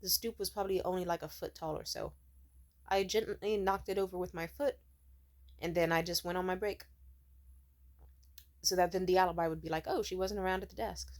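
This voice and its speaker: Young woman, low voice, rambling profane vlog rant, sitting at home. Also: steady tone, brisk, pauses often, a little mellow. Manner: rambling, profane, many "like" fillers. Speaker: vlogger. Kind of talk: casual storytelling rant.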